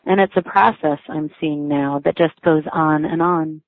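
A woman's voice: deep voice, steady tone, a little slow, no room sound. Wry woman reading her essay, tinny. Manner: wry, self-mocking, lightly amused. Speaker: writer reading her own blog entry. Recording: dry, tinny phone-like sound.

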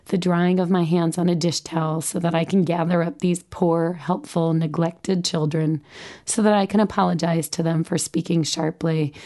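Wry, mellow woman reading her memoir. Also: low-pitched. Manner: wry, self-deprecating. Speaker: memoir narrator, mother. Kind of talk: audiobook memoir narration.

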